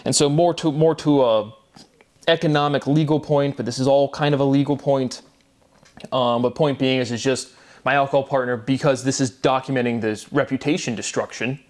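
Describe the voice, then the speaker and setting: A man's voice: medium pitch, steady tone, moderate pace. A man in a solo video monologue, rambling and repeating himself, agitated and swearing often. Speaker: vlogger.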